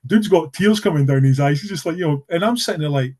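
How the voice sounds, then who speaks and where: A man's voice: on the high side, expressive, fast, darkish tone. Rambling middle-aged Scottish man. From Scotland. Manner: rambling, many fillers and restarts, earnest. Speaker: podcast guest. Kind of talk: casual conversational storytelling.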